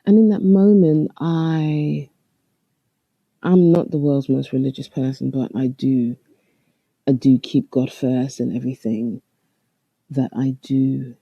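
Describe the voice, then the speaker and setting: A man hosting a travel podcast, recounting a personal story in a reflective, halting way with restarts. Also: medium pitch, fairly even intonation, vocal fry, no room sound, highs cut off. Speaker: podcast host. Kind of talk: storytelling monologue.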